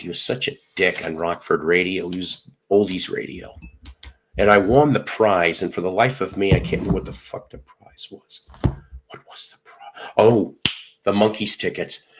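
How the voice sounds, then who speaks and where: Podcast host, middle-aged man, very low voice, animated storyteller who swears freely. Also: a little hiss or hum. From Northern Illinois. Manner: animated, profane storyteller acting out dialogue. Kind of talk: casual storytelling chat.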